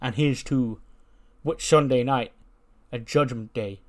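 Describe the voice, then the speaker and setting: A man's voice: mid-range voice, takes it slowly, natural voice. A man voicing a touchy, boastful Italian-American mob boss, all swagger and threats. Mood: toasting.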